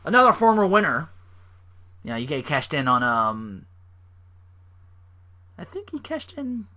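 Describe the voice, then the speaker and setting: A man's voice: fairly high pitch, wildly swooping pitch, takes it slowly, pushed and bright. Rambling young man hosting a solo podcast. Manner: rambling, swearing, acting out wrestlers' lines. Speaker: podcast host.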